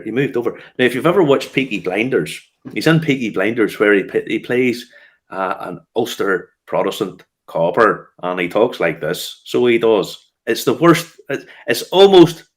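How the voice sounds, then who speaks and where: A man hosting a casual whiskey news chat, telling stories with lots of fillers and restarts. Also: mid-range voice. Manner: chatty storyteller, laughs often, frequent fillers and restarts. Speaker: host of a whiskey news show.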